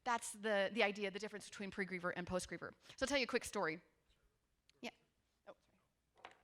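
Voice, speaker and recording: Bright-voiced woman presenting a workshop. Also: medium pitch, fast talker. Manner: lively, conversational storytelling with asides to the audience. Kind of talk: conference workshop talk. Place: conference room with a seated audience.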